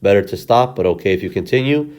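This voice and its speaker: A lower-voiced man teaching Quran recitation. He walks his viewers through each step patiently, pausing to ask "okay?" before moving on. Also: lively intonation, darkish tone. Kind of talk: instructional explanation with recitation. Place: recorded lesson video.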